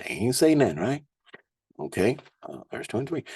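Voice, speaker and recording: A man's voice: mid-range voice, very animated, normal speed, darkish tone, breathy edge, no room sound. A man, a Bible teacher, reads scripture aloud and breaks in with slangy, laughing asides between verses. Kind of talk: scripture reading with casual commentary.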